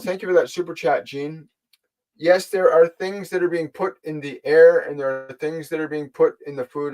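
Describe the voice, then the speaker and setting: On a rough recording, a slightly high-voiced man serves as spiritual teacher and host of a live channel stream. His manner is gentle and earnest; he talks right to the viewers, answers their questions, and repeats central phrases to emphasize them.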